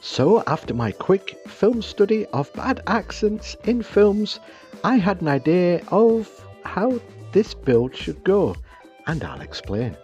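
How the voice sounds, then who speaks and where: British male host, dry self-mocking wit, animated delivery, voice-over for a craft build video. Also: high-pitched, slow, muffled recording, soft background music. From Britain. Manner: wry, self-deprecating humor. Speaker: scratch-build hobby channel host.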